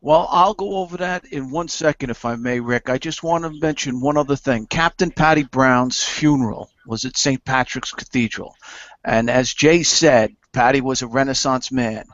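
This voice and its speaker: A man's voice: mid-range voice, moderate pace, fairly bright tone, no room sound. A man on a panel speaking plainly and directly. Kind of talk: panel talk. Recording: dry muffled web call audio.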